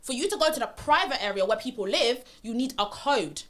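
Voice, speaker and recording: Fast-talking British woman telling a story. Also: high-pitched. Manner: animated, acts out quotes. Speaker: guest. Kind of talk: casual storytelling.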